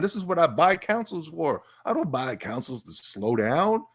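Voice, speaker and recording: A man hosting a casual livestream podcast, excitable and stammering, talking to his live chat. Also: on the high side, normal speed, breathy edge. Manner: animated, excitable, repeats and stammers. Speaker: podcast host.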